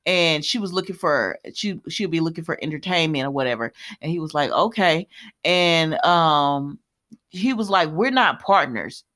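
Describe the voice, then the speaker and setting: A woman's voice: sits low, lively intonation, normal speed, fairly bright tone. Chatty woman recapping with asides. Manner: chatty, retells scenes with running commentary and laughs; colloquial, addresses viewers as y'all. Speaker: soap opera recap host. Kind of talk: casual recap chat.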